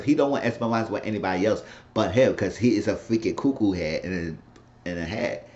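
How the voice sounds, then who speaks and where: Low-voiced man rambling through a TV recap. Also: fast talker, darkish tone. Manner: rambling, profane, acts out characters' lines. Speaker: TV recap reviewer. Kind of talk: casual spoken episode recap. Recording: slightly dull lo-fi recording.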